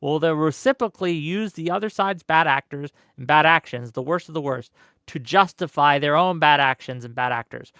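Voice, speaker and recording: A man's voice: on the high side, moderate pace, a bit bright, clean tone, dry recording, clean studio sound. Passionate man hosting a live panel. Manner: earnest, grows passionate and emphatic. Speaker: host of live panel stream. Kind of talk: live stream panel discussion.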